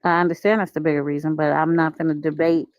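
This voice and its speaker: A woman's voice: low-pitched, level tone, quick pace, dry recording, lo-fi sound. A woman hosting a live debate panel, talking in a blunt, challenging way. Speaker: live stream panel host. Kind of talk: casual debate chat.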